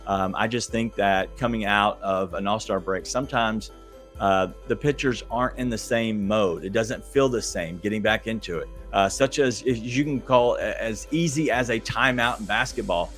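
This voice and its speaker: A man's voice: fairly low pitch, normal speed, fairly bright tone, faint music behind. A man hosting a podcast, giving casual sports betting advice in a chatty, hesitant way straight to his listeners. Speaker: podcast host.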